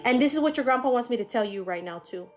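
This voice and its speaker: A woman giving a live-streamed psychic reading in a casual, animated way, swearing and laughing often. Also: on the high side, fast talker, faint music behind. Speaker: psychic medium.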